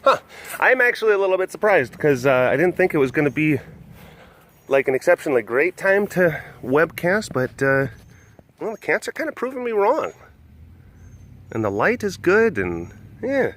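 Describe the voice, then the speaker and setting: Chatty man with a lively, bouncy voice. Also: a little high, moderate pace. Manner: chatty, with affectionate baby talk to the cats. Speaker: animal sanctuary webcast host. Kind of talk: casual walking vlog. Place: outdoors at a big cat compound.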